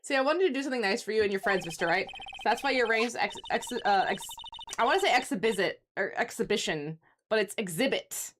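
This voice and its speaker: A woman's voice: medium pitch, animated, brisk, a bit bright, a little hiss or hum, lightly acted. A woman voicing a composed, polite female exhibition manager in a game read-along.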